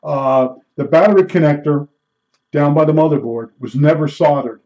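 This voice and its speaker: A rambling, folksy man chats through a loose monologue, full of fillers and restarts. His voice sits a bit high yet sounds mellow and dark. The recording is muffled and lo-fi. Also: normal speed. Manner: imitates beeps with his mouth. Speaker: storyteller. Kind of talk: casual monologue. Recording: dull lo-fi recording.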